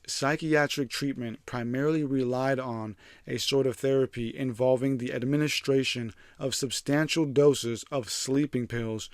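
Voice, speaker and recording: Casual commentary over scripted narration comes from a man hosting, whose reading keeps veering into profane, irreverent jokes. He has a medium-pitched, somewhat dark tone, captured dry with clean studio sound.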